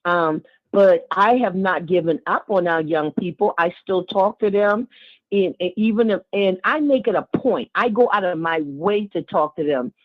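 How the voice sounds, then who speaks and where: A woman calling in to a radio show, speaking heartfelt and casual, with warm asides and repeated words. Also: on the low side, normal speed, no room sound. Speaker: caller. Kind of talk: casual call-in talk. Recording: tinny phone line.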